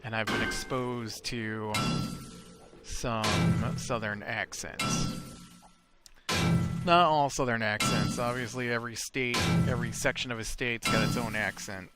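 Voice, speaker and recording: A man's voice: mid-range voice, measured pace, loud music behind the voice. A man hosting a let's play, talking casually over his gameplay and rambling with lots of filler words. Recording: clear background noise.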